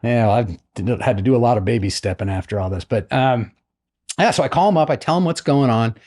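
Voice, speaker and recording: A middle-aged American man recounts his experience in a relaxed, conversational way. His voice is mid-pitched, and he slips into the voices of the people he quotes, bringing them to life as he goes. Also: fast. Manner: animated storyteller, acts out quoted voices. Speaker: podcast guest, retired naval flight officer. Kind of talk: casual storytelling interview.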